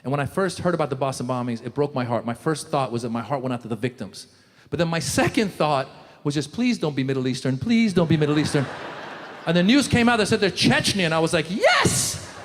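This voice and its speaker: A male stand-up comedian doing a live set, mocking and quick, talking straight to the crowd on a handheld mic. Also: a little high, animated, big-room sound. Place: live comedy stage before an audience.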